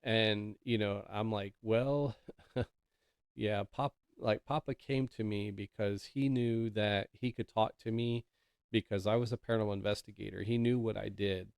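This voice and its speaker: A male podcast host tells a story in a loose, rambling way, full of ums and restarts. His voice sits low with a gravelly edge. The sound is dry and close, with no room around it. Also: fairly even intonation, normal speed, a little mellow, no room sound. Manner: rambling, filler-heavy, conversational. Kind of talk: casual storytelling.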